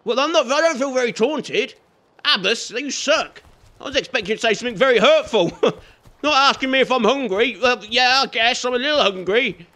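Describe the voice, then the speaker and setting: A man's voice: very high-pitched, lively intonation, brisk, sharp tone. A man giving chatty let's play commentary, teasing and scolding the game and its characters as he plays. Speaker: gaming YouTuber.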